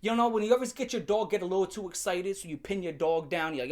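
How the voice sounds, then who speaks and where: A man telling a story from his school days in a casual, profane rant, animated and laughing at times. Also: high-pitched, quick pace.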